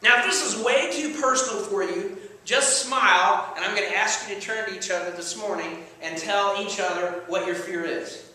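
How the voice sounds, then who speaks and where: A man's voice: sits high, normal speed, bright, forceful tone, a little hiss or hum. A man preaching a sermon as pastor, conversational and playful, often checking in with the congregation. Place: church sanctuary. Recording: echoey church hall, mic at a distance.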